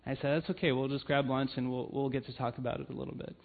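Preaching a sermon, a church family ministry leader tells personal stories earnestly, with frequent "um"s. His mid-range voice is creaky with little pitch movement and a quick pace, captured in a tinny, phone-like recording.

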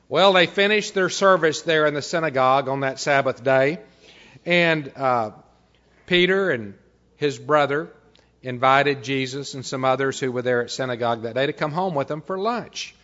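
A man preaching a sermon as a pastor, reading scripture and often dropping to a quiet, measured delivery. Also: fairly high pitch. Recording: dull, slightly lo-fi recording.

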